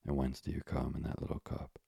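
A vast, weary giant holding up the sky, roaring down in a booming, very deep, gravelly voice, as a man reads him aloud. His pitch barely moves, and the sound is dark and rough. Heard in a dry storybook reading. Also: completely flat delivery, fairly quick, dry recording, exaggerated voice. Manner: roaring, laughing.

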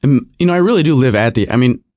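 A man's voice: medium pitch, lively intonation, quick pace, darkish tone, dry recording, studio quality. A middle-aged man hosting his own podcast from his garage, rambling through a wry, self-deprecating casual monologue. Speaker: podcast host. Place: home garage.

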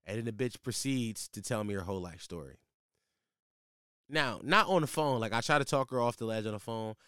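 A man in his twenties telling a casual, profane story in slang, with his voice jumping high when he gets exasperated. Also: expressive, brisk, pushed and bright, clear, resonant tone, no echo, clean studio sound.

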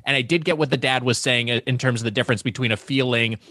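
A man's voice: mid-range voice, quick pace, pushed and bright, no room sound. Rambling man on a dry webcam call. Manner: rambling, hesitant, many restarts and "like"s. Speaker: podcast guest. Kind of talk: casual chat. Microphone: webcam on a video call.

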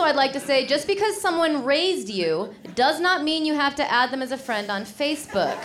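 Sardonic high-voiced woman doing stand-up. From Illinois. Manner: sardonic, deadpan, mock-haughty. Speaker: stand-up comedian. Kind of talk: stand-up set. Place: comedy club stage. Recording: live club recording with audience laughter.

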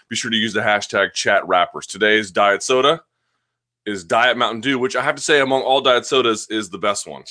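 Bright-voiced man rambling through a live chat. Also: on the low side. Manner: rambling, self-deprecating, with frequent restarts. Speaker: host of a live chat show. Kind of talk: casual live-stream chat answering viewer questions. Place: at home.

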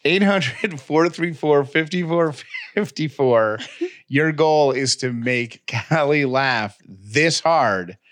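A man co-hosting a casual podcast, reading listener messages aloud in a relaxed, teasing tone. He laughs along and gently pokes fun at his co-host. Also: fairly high pitch, slow. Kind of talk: casual chat.

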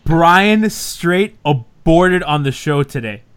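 A man's voice: fairly high pitch, expressive, slow, fairly bright tone, clear, resonant tone. A man hosting a casual podcast, teasing his co-hosts in laid-back banter. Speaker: podcast host.

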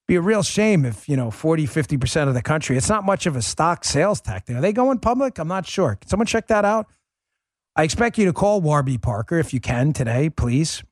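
A man hosts a political commentary show with a mocking, emphatic edge, his pitch sitting higher than most men's. The sound is dry and close, with no room around the voice. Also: no echo. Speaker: podcast host.

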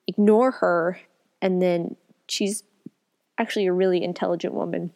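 A woman's voice: fairly low pitch, fairly even intonation, moderate pace, a little mellow. Woman talking books with a cold. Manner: rambling, self-correcting. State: has a cold. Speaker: podcast co-host. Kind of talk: casual book review chat.

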